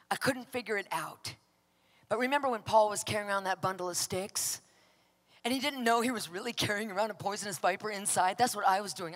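A woman minister shares her personal testimony with emphasis and drama, acting out her own outbursts. Her medium-pitched voice is a bit bright, with a big-room sound.

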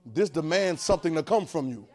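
A man preaching a sermon, urging the congregation to repeat lines after him and swinging between quiet, drawn-out talk and loud bursts. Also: fairly high pitch, animated.

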